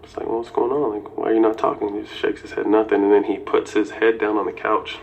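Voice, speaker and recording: A man's voice: on the low side, little pitch movement, fast, gravelly, rough recording. A man in his forties telling a personal story casually and candidly, with swearing and lots of "you know".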